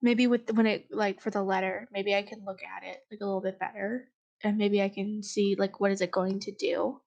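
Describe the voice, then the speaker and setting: A woman's voice: medium pitch, level tone, fairly quick, creaky, darkish tone, lo-fi sound. A woman speaking as a player in a tabletop role-play, chatty and hesitant, casually swearing.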